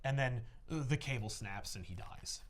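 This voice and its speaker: A man's voice: mid-range voice, normal speed. A man co-hosting a podcast, retelling a comic plot in casual chat full of "like" asides. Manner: animated storytelling full of "like" asides.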